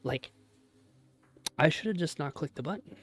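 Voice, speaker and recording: A man's voice: fairly high pitch, lively intonation, moderate pace, breathy edge. A young man chatting casually on a live stream, joking about himself and cheering his trades on. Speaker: livestreaming day trader.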